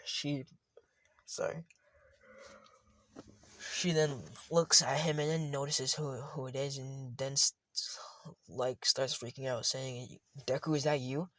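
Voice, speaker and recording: A man's voice: medium pitch, little pitch movement, slow, long pauses, bright, forceful tone, slight background noise. A man casually retelling a fan story, rambling and often correcting himself.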